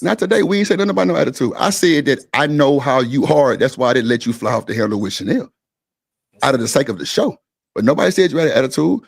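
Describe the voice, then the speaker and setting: Gravelly insistent man arguing on stream. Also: mid-range voice, lively intonation, fast talker. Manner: insistent, talks over others, repeats phrases. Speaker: stream co-host. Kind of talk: heated casual argument.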